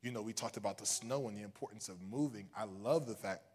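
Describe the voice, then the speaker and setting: A young man from Ohio preaching a sermon as a minister, talking conversationally with joking asides and swinging from hushed lines to loud ones. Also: fairly low pitch, fast talker, husky. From Ohio, United States.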